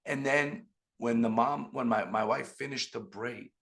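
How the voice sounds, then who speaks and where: A middle-aged man giving an animated motivational business talk on a video call, telling stories and speaking to the audience directly. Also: medium pitch, unhurried, creaky. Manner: animated storytelling with audience asides. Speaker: business trainer.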